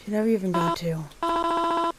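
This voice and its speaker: A heartbroken middle-aged mother in a game story, put on by a woman, her voice pitched high and trembling as she stretches out each word. The pitch rises and falls with feeling. A steady hiss of noise sits under the voice. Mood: grieving. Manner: soft, drawn-out and tremulous.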